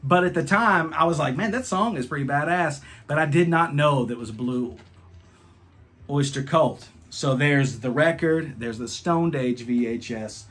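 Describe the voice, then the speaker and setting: A man's voice: mid-range voice, a little slow, fairly bright tone. A man in his thirties reviewing albums, telling a rambling, profane story in a casual vlog.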